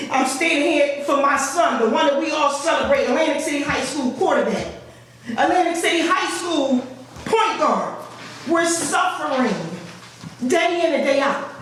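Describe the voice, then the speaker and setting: A woman's voice: sits high, fairly bright tone. An older woman, a housing resident, speaking at a board meeting's public comment, emotional and pleading, repeating herself for emphasis. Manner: impassioned, pleading, repetitive. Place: meeting room. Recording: very echoey room, distant, faint noise.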